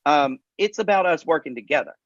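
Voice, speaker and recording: A man's voice: on the high side, animated, brisk, no echo, muffled recording. A man co-hosting a casual chat show, telling stories with animation and calling his viewers y'all. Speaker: co-host.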